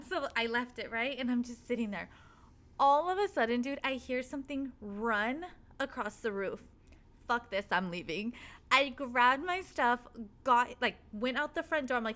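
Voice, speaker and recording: In an apartment, a woman tells a spooky personal story during casual chat, animated and swearing freely as she acts out what people said. Her voice sits on the high side and she speaks unhurriedly.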